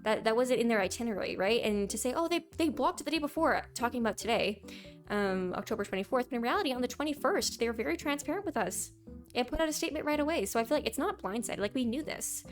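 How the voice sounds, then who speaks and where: A young woman giving her opinions in a casual commentary vlog, opinionated and quick to mock what commenters say. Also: fairly high pitch, animated, faint music behind. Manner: opinionated, reads out viewer comments in mocking voices. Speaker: gaming YouTuber.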